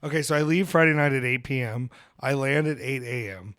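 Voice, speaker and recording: A man's voice: medium pitch, a little fast, a bit bright, dry recording, clean studio sound. A man hosting a podcast in casual chat, telling rambling, jokey stories about wrestling.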